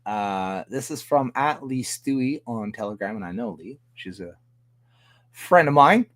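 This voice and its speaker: Animated swearing Canadian man ranting. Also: mid-range voice, a little slow. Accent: Canadian English. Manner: profane, ranting, laughs often. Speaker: livestream host. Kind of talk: casual livestream commentary.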